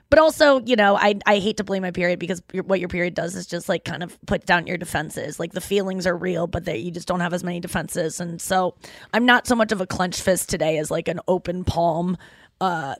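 A woman's voice: on the low side, moderate pace, no echo, studio quality. A young woman hosting a podcast, talking in a rambling, tearful, apologetic way while crying. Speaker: podcast host. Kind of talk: emotional personal monologue. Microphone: studio microphone.

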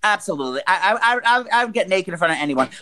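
A woman in her forties co-hosting a casual podcast, retelling wild news stories in a blunt, profane, animated way. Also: on the low side, rapid-fire. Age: 40s. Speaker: podcast co-host.

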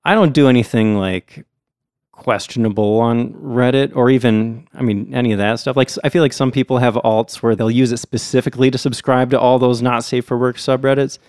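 A man's voice: medium pitch, fairly even intonation, a little fast, darkish tone, clear, resonant tone, no room sound, clean studio sound. A man hosting a podcast in casual chat, talking in a friendly, chatty way. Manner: friendly, chatty, hedging with fillers. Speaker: podcast host.

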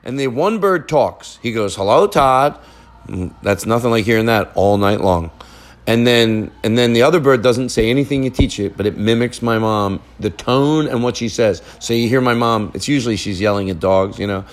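A man's voice: medium pitch, normal speed. Rambling, joking man hosting a podcast. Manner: rambling, jokey, self-interrupting. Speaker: podcast host. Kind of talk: casual family chat.

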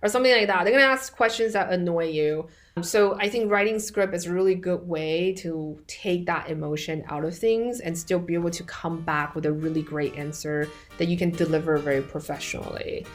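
A woman's voice: fairly low pitch, brisk, faint music behind. A woman hosting a podcast, giving direct, practical business advice in a conversational way. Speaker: podcast host.

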